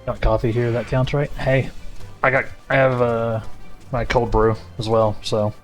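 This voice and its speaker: A man's voice: mid-range voice, flat delivery, measured pace, soft background music. A man chatting casually with his viewers while playing a game, easygoing and talkative. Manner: easygoing, chatty, addresses chat directly. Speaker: livestreamer.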